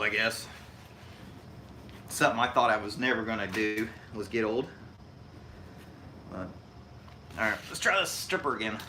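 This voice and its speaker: A man's voice: lowish voice, lively intonation, measured pace, long pauses, pushed and bright, a little hiss or hum. A middle-aged man with a Hoosier accent from Indiana, chatting casually on his live stream while he works, folksy and rambling with frequent chuckles. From Indiana, USA.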